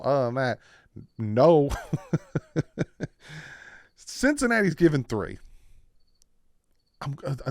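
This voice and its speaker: A man giving his weekly football picks in a casual, animated talk, jumping up in pitch and volume when something surprises him. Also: no room sound, clean studio sound. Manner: animated, with sudden jumps in pitch and loudness. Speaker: sports picks YouTuber. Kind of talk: casual sports prediction talk.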